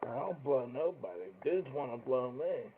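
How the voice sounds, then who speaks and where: A man's voice: mid-range voice, lively intonation, moderate pace. A man telling crude stories in a blunt, profane way, acting out both sides of each exchange. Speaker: storyteller. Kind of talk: crude casual storytelling. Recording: tinny phone-like recording with faint noise.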